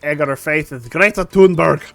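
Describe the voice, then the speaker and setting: A man's voice: a little high, moderate pace, vocal fry, a bit bright, no echo, faint music behind. A man co-hosting a podcast, reading out news stories in a matter-of-fact way. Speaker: podcast co-host. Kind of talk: casual chat and reading news aloud.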